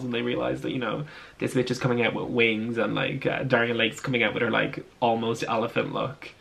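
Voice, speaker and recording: A young man with an Irish accent talks in a relaxed, gossipy vlog ramble. His voice carries a gravelly, creaky edge at a middling pitch, and he keeps stumbling through ums and half-started phrases. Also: a little fast. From Ireland. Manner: chatty, gossipy, frequent ums and restarts. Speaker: vlogger. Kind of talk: casual chat.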